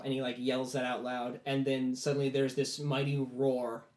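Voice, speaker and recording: A man's voice: mid-range voice, completely flat delivery, moderate pace, few pauses, darkish tone. Casual male game master, roomy sound. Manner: casual storytelling with many "like" fillers. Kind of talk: narrating a tabletop game. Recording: roomy echo.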